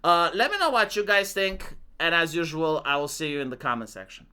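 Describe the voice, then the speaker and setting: A man with a Romanian accent gives casual commentary on viewer comments. His voice is bright and lively, and he swings his pitch freely. He leans on "like" and pauses while he thinks aloud. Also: smooth. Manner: talks with many "like" fillers, reads comments out in a mocking voice. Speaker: commentary YouTuber.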